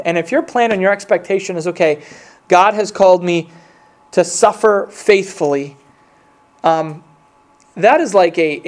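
Guy with a pretty high voice giving a sermon, earnest and chatty, leans hard into the scripture bits. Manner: earnest, conversational, with restarts and emphatic scripture reading. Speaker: pastor.

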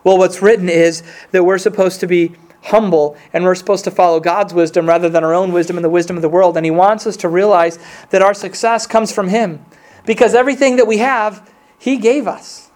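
A man's voice: high-pitched, steady tone, brisk, darkish tone. A man preaching a sermon in an earnest, conversational way, reading scripture aloud with emphasis. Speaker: pastor.

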